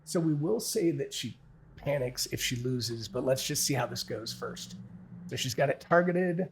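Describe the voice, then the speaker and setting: A man's voice: medium pitch, expressive, moderate pace, a little hiss or hum. A man thinking aloud as he plays a solo tabletop game, narrating dice rolls and often stopping to correct himself.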